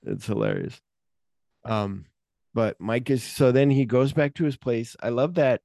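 A man's creaky, mid-range voice comes through a little slow and without echo as he co-hosts a podcast. Chatting casually about a film, he gives an animated retelling, acting out scenes, humming music cues, and swearing freely.

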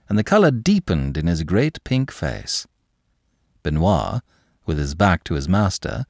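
Male audiobook narrator with a lowish, lively voice, close-miked and dry. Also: dry recording. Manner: expressive, theatrical phrasing. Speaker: podcast narrator.

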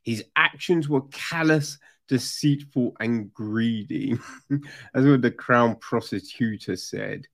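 A man giving casual, sarcastic true crime commentary, animated and full of swearing. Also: mid-range voice, slow pace, vocal fry.

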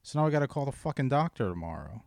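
A man in casual chat, ranting profanely about his bad day, dropping to mumbles and then yelling. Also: medium pitch, big pitch swings, racing, creaky, no room sound, clean studio sound.

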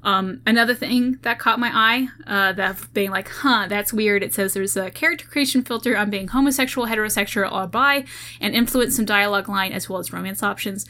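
A woman with a slight Southern twang co-hosts a casual podcast. Her voice is bright and crisp. She rambles, trails off and restarts her sentences. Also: mid-range voice, brisk. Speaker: podcast co-host. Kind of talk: casual chat.

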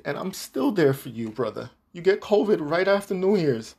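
A man's voice: high voice, very animated, normal speed, vocal fry, few pauses, darkish tone, breathy edge. A man hosting a podcast, delivering a heated, profane, repetitive monologue addressed to an ex-partner. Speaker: podcast host.

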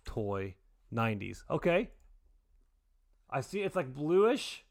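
A man in his forties co-hosting a podcast, telling a story in casual, excitable chat. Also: slow pace, no room sound, clean studio sound. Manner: excitable storyteller, jumps pitch for quoted voices. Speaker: podcast co-host.

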